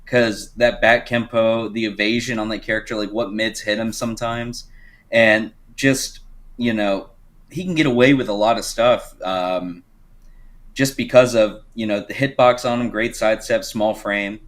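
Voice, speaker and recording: A man giving color commentary on a fighting game match, relaxed and rambling, with many fillers. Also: on the low side, normal speed. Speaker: esports co-commentator.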